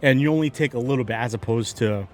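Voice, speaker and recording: A man narrating a tabletop game as game master, animated and quick to laugh. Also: mid-range voice, soft background music.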